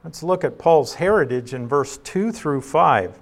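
A pastor teaching through a Bible passage verse by verse in a conversational way, reading the scripture aloud and explaining it. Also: male voice, a little high, lively intonation, measured pace.

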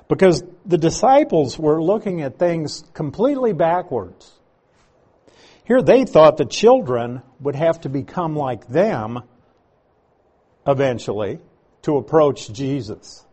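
A man's voice: mid-range voice, mellow, slightly rough. A man teaching a Bible passage, reading verses aloud and explaining Greek words.

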